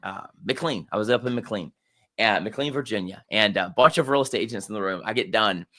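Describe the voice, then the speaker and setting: A middle-aged man co-hosting a podcast, telling stories in a rambling, animated way with many restarts. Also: lowish voice, brisk. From Germany. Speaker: podcast co-host. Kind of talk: casual conversational podcast.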